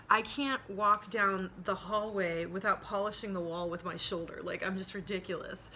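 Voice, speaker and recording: Bright-voiced woman telling a wild story. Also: mid-range voice, slight background noise. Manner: profane, rambling, laughs through story. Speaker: podcast host. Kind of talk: casual storytelling.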